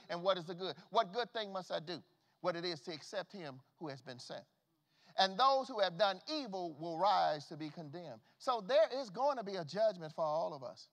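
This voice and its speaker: A man preaching a sermon as pastor, swinging from loud calls to hushed, folksy asides. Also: high voice, animated, normal speed. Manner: preaching with big swings from shouts to hushed tones. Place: church sanctuary. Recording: long reverb of a church hall.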